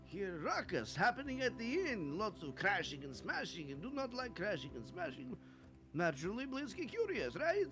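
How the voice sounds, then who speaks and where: A man's voice: high-pitched, wildly swooping pitch, moderate pace, music in the background, pitched above the performer's own voice, exaggerated voice. A man doing boastful broken-English creature Blitzky. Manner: drops articles, boastful and theatrical. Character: excitable male creature speaking broken English.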